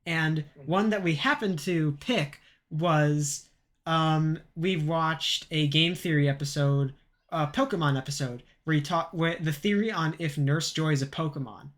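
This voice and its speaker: A man's voice: fairly high pitch, a little slow. A man co-hosting a podcast in casual chat, telling stories in a rambling way with lots of fillers and laughter. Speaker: podcast co-host.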